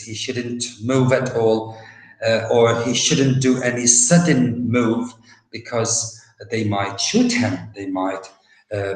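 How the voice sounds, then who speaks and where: A man with an Arabic accent teaching English vocabulary in a recorded university lesson, speaking slowly and patiently with many "uh" pauses and explaining through everyday examples. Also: lowish voice, echoey room, low-quality recording.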